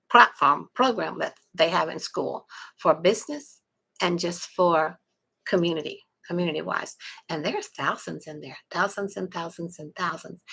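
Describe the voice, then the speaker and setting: A middle-aged woman from South Texas with a Texan accent, chatting casually on a live stream, greeting viewers and pitching a webinar in a folksy way. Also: creaky, pushed and bright, husky, poor audio. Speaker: online marketing promoter.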